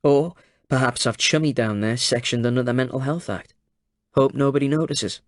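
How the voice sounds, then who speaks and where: A calculating male detective chief inspector, read by a man. He speaks flatly and bluntly, giving nothing away, in an ordinary middle register. The audiobook sound is dry and close. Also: mid-range voice, normal speed, no room sound, lightly acted. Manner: deadpan, blunt. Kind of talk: audiobook character voice.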